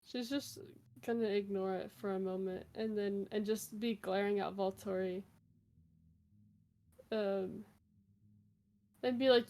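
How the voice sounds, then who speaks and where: A woman's voice: medium pitch, steady tone, slow, long pauses, mellow. A woman playing a tabletop game, talking casually with many laughs and fillers. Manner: giggly, casual, lots of fillers. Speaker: player.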